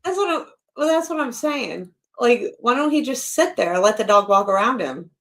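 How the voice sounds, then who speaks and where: A woman with a high, light voice gives live reaction commentary, skeptical and full of pointed questions. She talks back at the video she is watching. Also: lively intonation, normal speed, a bit bright.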